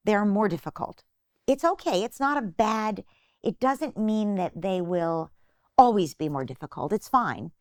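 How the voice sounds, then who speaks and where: An older woman with a mid-range, darkish voice is interviewed as a psychotherapist, recorded dry with clean studio sound. She patiently explains parenting advice, acting out little imagined phrases.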